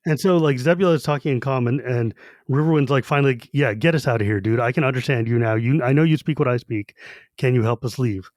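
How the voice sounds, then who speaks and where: A man co-hosting a podcast, recapping a book in casual chat and acting out the characters in quick quoted bits. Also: mid-range voice, a little mellow, dry recording. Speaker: podcast co-host.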